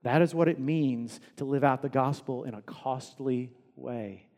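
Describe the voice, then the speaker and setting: A man preaching a sermon as pastor, earnest, climbing to emphatic peaks and dropping soft again. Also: medium pitch, unhurried, in a large hall.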